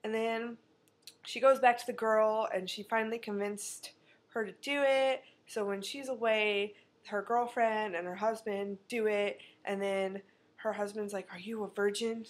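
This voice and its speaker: A woman's voice: medium pitch, fairly even intonation, measured pace. A woman vlogger in a casual rant, rambling, exasperated and swearing freely as she mocks what she watched. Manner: exasperated, rambling, profane, mocking. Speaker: vlogger reviewing a movie.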